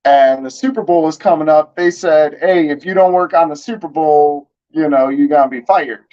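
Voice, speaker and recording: A man's voice: on the high side, normal speed, mellow. A man in his thirties casually telling a long story, rambling and slangy with lots of fillers. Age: 30s. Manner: rambling, laid-back, slangy, lots of "like" and "you know". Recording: slightly dull lo-fi audio.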